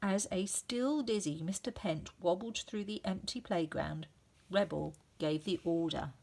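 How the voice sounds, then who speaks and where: A woman teacher reads a children's story aloud at an unhurried, deliberate pace. Her voice sits low, and she plays up the sound effects with relish. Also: vocal fry, a little mellow.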